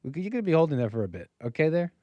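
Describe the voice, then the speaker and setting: Racing along in a slightly high, sing-song voice, an American man hosts his own live call-in stream, casually chatting with viewers and bouncing between topics. The recording is muffled but has no echo.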